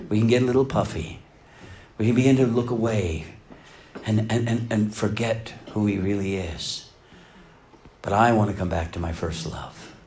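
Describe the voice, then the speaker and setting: A middle-aged pastor preaching a sermon, dropping to hushed lines and then swelling to loud, emphatic passages. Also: male voice, fairly low pitch.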